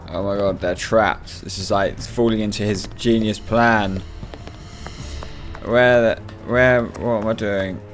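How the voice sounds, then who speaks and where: A man's voice: on the low side, steady tone, takes it slowly, soft background music. A man commentating his gameplay, exasperated, sarcastic and swearing. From United Kingdom. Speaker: let's play gamer.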